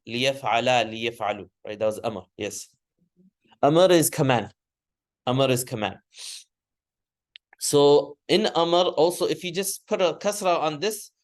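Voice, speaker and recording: A man teaching Arabic grammar in a classroom, explaining patiently and leading students through recited drills. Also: mid-range voice. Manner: patient, repeats terms and has students recite after him.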